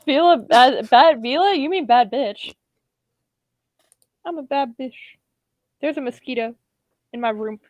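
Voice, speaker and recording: A woman's voice: high voice, unhurried, pauses often, no echo, highs cut off. A woman streamer chatting casually and teasing her friend while they read fan fiction aloud, swearing freely. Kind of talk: casual chat and dramatic reading. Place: home room.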